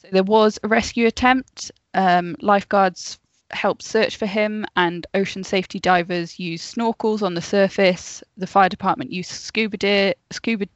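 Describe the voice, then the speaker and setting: A woman's voice: medium pitch, steady tone, normal speed, no echo, lo-fi sound. A woman co-hosting a casual podcast, telling a story from her notes with chatty asides and frequent laughs. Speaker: podcast co-host.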